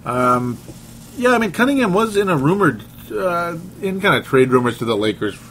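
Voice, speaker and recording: A man's voice: fairly high pitch, very animated, normal speed, a bit bright, a little hiss or hum. A man hosting a casual sports podcast. He reads listener comments aloud and laughs often. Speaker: podcast host.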